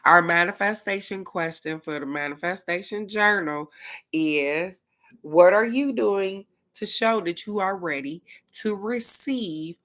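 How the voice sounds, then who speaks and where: A woman's voice: fairly low pitch, measured pace, a bit bright. Chatty woman on a livestream. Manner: informal, chatty, laughs often. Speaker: livestream host. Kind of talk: casual livestream chat.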